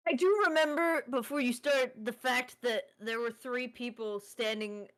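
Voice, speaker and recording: A woman's voice: on the high side, fairly even intonation, a little slow, a bit bright. A tipsy woman playing in a tabletop game, recapping with rambling, laughing and swearing. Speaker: player. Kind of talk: casual tabletop game chat.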